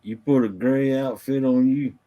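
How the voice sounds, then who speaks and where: A man's voice: medium pitch, fairly even intonation, moderate pace, dark tone. A man, joking and teasing his friends in casual chat.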